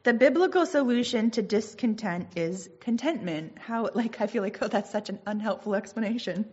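A woman's voice: mid-range voice, animated, moderate pace, a little mellow, breathy edge, highs cut off. Earnest woman giving casual devotional talk. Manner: earnest, conversational, reads scripture aloud. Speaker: Christian teacher.

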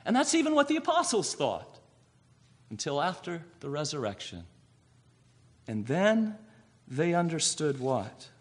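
A man's voice: fairly high pitch, very animated, a little slow, pauses often. A man preaching a sermon, asking rhetorical questions and answering them himself.

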